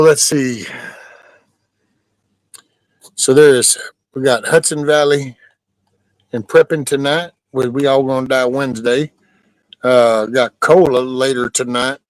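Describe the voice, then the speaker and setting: A middle-aged man with a relaxed drawl chats casually to his livestream viewers at a medium pitch. He rambles easily from topic to topic and keeps cutting in to tell his dog to settle down. The sound is dry and close, with no room echo. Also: moderate pace. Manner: laid-back, rambling, scolds his dog mid-sentence. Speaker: livestream host. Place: at home near a backyard chicken coop.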